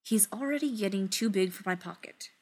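A woman's voice: mid-range voice, brisk, lightly acted. A woman reading the part of a worried young male dwarf who speaks in urgent hissed whispers. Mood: anxious. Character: young male dwarf, anxious older brother.

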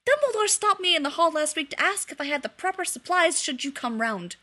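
A brash teenage boy wizard, hopelessly smitten, as a woman reading a story puts him on. The voice is husky and sits fairly high. He blurts out loud, exasperated lines in a storybook reading. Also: moderate pace. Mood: shouting.

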